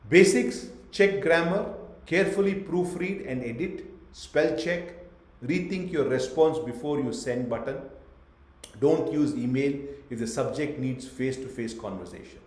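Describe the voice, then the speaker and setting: A man's voice: mid-range voice, measured pace, a little mellow, reverberant. A man teaching an online class on workplace communication, stating points in short emphatic bursts and asking the students questions. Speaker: trainer. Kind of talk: online training lecture. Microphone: webcam on a video call.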